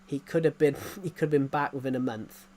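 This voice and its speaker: Male game streamer, mid-pitched, rambly and repeating himself, light hiss under the voice. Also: fairly even intonation, fairly quick, mellow. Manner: rambling, repeats phrases, frequent chuckles. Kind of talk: casual live-stream chatter.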